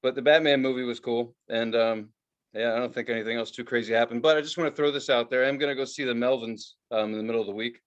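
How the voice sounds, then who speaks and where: A man's voice: mid-range voice, fast, lo-fi sound. A man from the United States co-hosting a podcast, ranting casually with lots of swearing and mock-quoting others. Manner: animated, swearing, mock-quoting advertisers in raised voice. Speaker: podcast co-host. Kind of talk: casual profane rant.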